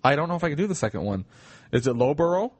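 A man's voice: a little high, very animated, racing, husky, no room sound, lo-fi sound. A man co-hosting a casual podcast, wry and grumbling, with sweary jokes. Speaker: podcast co-host.

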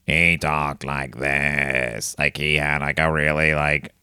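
A man doing a slow monotone old drawl. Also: rumbling low, clean tone, no room sound, clean studio sound, pitched below the performer's own voice, full character voice. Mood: droning. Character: slow monotone old male writer impression.

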